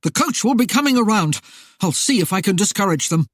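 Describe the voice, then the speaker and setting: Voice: mid-range voice, lively intonation, fairly quick, no room sound, clean studio sound, pitched above the performer's own voice, lightly acted. The narrator of a storybook voicing a bold male hero giving urgent commands.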